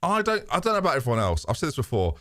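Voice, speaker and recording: A man's voice: a little high, wildly swooping pitch, racing, a bit bright, no room sound. A British man hosting a live stream, chatting candidly to his viewers in a rambling way, swearing freely and laughing often. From Britain. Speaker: streamer and host. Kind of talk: casual live-stream chat.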